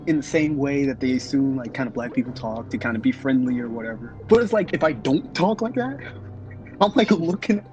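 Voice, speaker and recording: A man hosting a casual podcast chat, animated, laughing often and using lots of "like" fillers. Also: medium pitch, brisk. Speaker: podcast host. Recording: dull lo-fi podcast audio with music.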